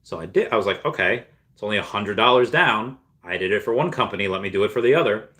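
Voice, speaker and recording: Rambling man with a bright voice. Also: lowish voice, lively intonation, quick pace. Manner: rambling, full of fillers and restarts; reads viewer messages aloud and replies. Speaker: streamer answering live chat. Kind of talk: casual livestream chat.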